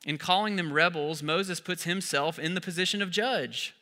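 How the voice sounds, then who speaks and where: A man's voice: high voice, normal speed, sharp tone. A man, a pastor, preaching an emphatic sermon full of rhetorical questions.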